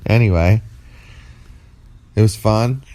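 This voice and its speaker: A man's voice: fairly low pitch, slow, mellow. A man co-hosting a podcast, talking in a rambling, playful, teasing way and sounding tired. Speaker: podcast co-host. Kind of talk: casual chat.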